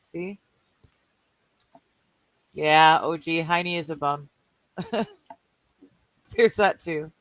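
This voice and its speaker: A woman's voice: sits low, extremely slow, long pauses, no room sound, rough recording. A Canadian woman co-hosting a live game night, reading chat aloud, joking and laughing often while she plays cards. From British Columbia, Canada. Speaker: livestream co-host. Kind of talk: casual chat while playing a card game.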